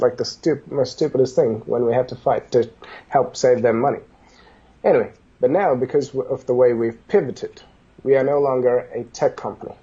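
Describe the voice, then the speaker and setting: A man telling business stories in a casual interview, animated, acting out the dialogue as he goes. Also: mid-range voice, husky, highs cut off. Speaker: business guest.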